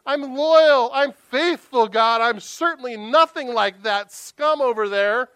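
A man's voice: slow, fairly bright tone, smooth, no echo, heavily acted. A man voicing a pompous, boastful male Pharisee who prays aloud to show off his piety. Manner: booming, self-praising.

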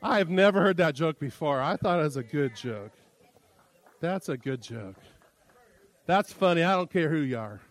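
High-voiced pastor, easygoing sermon. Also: male voice, expressive, moderate pace, long pauses. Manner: loose, conversational, self-amused. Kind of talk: casual sermon with a joke.

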